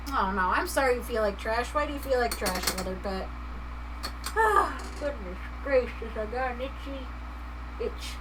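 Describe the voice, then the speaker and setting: A woman with a slightly high voice chats casually to her stream audience, laughing often and reading messages aloud. She talks in a loose, unscripted way while she works. The microphone sits some distance away and picks up a faint background hiss. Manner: chatty, laughs often, reads chat aloud. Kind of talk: casual live-stream chat.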